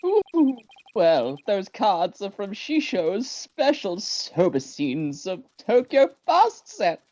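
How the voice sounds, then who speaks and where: A woman's voice: mid-range voice, sing-song, slow pace, warm tone, highs cut off. A woman voicing a flustered, hesitant witness in a game playthrough. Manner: hesitant, stammering.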